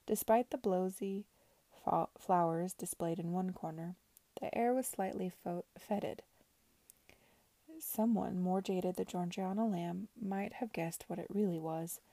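A woman reading a novel aloud in a soft, half-whispered narration. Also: fairly low pitch, unhurried, no room sound. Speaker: reader.

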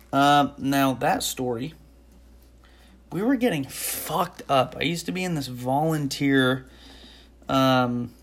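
A woman hosting a podcast in a casual monologue, ranting with sarcasm and lots of swearing and rambling between topics. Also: rumbling low. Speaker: podcast host; former stand-up comic.

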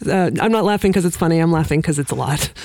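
A woman's voice: sits low, racing, warm tone, no room sound. Casual woman podcast host. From Canada. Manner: casual, conversational, laughs lightly. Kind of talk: podcast interview.

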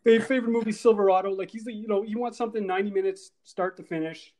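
A middle-aged man co-hosting a casual movie review podcast, animated, talking in quick bursts full of fillers and asides. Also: sits high. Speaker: podcast co-host.

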